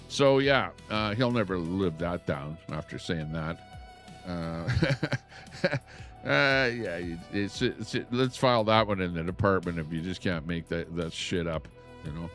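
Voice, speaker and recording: Middle-aged man, casual live host; rambling, ranty delivery, low-ish voice. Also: animated, moderate pace, a bit bright, faint music behind. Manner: rambling, ranting, full of filler words. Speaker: livestream host. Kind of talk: casual live-stream talk. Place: lakeside home, Alberta.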